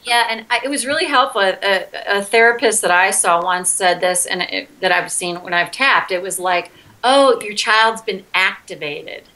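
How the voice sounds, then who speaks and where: A middle-aged woman speaks as an interview guest, earnest and candid. Her voice is bright and clear at a middle pitch, and she turns animated as she acts out her own outbursts. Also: normal speed, few pauses, poor audio. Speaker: interview guest, EFT practitioner.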